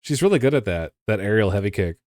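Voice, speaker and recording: Jokey low-voiced male streamer. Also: lively intonation, quick pace, darkish tone, no room sound, clean studio sound. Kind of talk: casual let's-play commentary.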